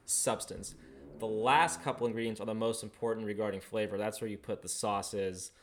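A man's voice: fairly low pitch, fairly even intonation, moderate pace, crowd noise. A man co-hosting a podcast in casual banter, teasing and questioning, with lots of fillers. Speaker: podcast co-host.

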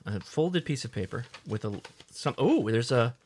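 A man's voice: mid-range voice, lively intonation, moderate pace, darkish tone, breathy edge. A man hosting a casual podcast, joking around and reading listener mail aloud. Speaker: podcast host. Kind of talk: casual chat.

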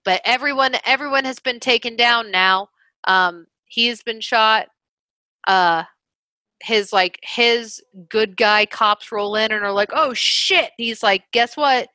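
A woman's voice: a little high, slow, no room sound. A woman co-hosting a podcast, retelling a movie plot in casual chat, acting out lines and swearing freely. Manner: animated storytelling, swears freely, acts out quotes. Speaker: podcast co-host.

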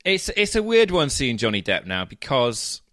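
A British man co-hosting a podcast in casual chat, animated, profane and quick to laugh. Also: mid-range voice, no room sound, clean studio sound. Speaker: podcast co-host.

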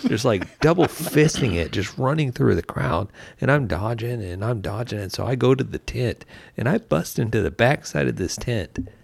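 A man's voice: mid-range voice, expressive, normal speed, vocal fry, breathy edge, no room sound. A man telling a story in casual chat, acting out his own lines. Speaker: barbecue team member.

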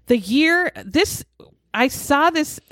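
A woman's voice: high voice, lively intonation, slow pace, a bit bright, no room sound, studio quality. A woman co-hosting a casual podcast, chatty and jokey with crude humor, often laughing as she talks. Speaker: podcast co-host.

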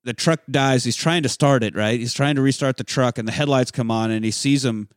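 A man's voice: mid-range voice, brisk, smooth, no echo, clean studio sound. A man casually recapping a film plot with friends, swearing freely and acting out the characters' lines. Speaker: podcast co-host recapping a film. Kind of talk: casual profane chat.

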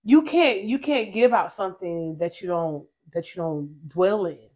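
A woman's voice: fairly low pitch, a little mellow. Emphatic woman podcast co-host. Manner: emphatic, preachy, quick to laugh. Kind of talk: casual faith chat.

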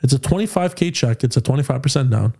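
A young Canadian man hosting a podcast, chatting casually and telling animated stories full of quoted dialogue and slang. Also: mid-range voice, fast, creaky, slightly rough. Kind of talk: casual storytelling chat.

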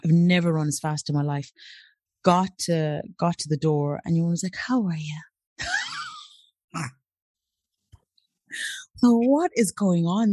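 Speaking with a lowish voice in a recording with no room sound, an African-born woman in her late thirties shares stories from her life during an interview. She's lively in conversation and acts out the voices of the characters she describes.

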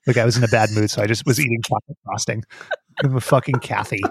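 Casting: male podcast host, gravelly husky voice, loose rambling banter, dry close mic. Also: medium pitch, steady tone, fast talker, dry recording. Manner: laughing, rambling, profane.

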